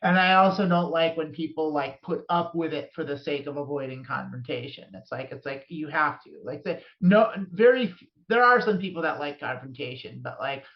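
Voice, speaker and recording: A woman's voice: low voice, moderate pace, hardly any pauses. Riled-up woman rambling on a podcast. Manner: heated, rambling, many restarts. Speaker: podcast co-host. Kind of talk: casual podcast chat. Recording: dull lo-fi sound.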